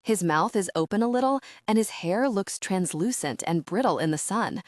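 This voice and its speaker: A woman reading a first-person audiobook in a soft, measured, intimate manner, recorded close on a studio mic. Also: medium pitch, expressive, no room sound. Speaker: audiobook narrator.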